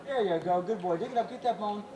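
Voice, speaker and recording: A man hosting a live animal show, playful and jokey, calling quick commands to a dog and teasing a volunteer. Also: sits high. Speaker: animal trainer and show host. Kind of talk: live stage show patter. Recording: echoey, distant, crowd noise, amateur camcorder. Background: audience cheers and laughter.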